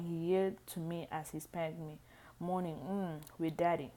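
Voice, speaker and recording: A woman reading a book aloud, halting and often restarting lines. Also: sits low, fairly even intonation, warm tone. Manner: halting, frequent restarts and stumbles. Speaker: reader.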